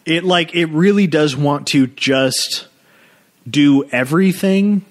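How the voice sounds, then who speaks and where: A man's voice: a little high, takes it slowly. A man co-hosting a podcast, talking through a movie in casual, rambling banter, cursing freely. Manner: rambling, profane, jumps into goofy voices. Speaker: podcast co-host.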